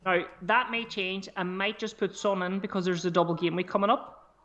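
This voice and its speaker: A man co-hosting a podcast in casual chat, chatty and animated, swearing freely as he talks. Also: high-pitched, moderate pace, dull audio. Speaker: podcast co-host.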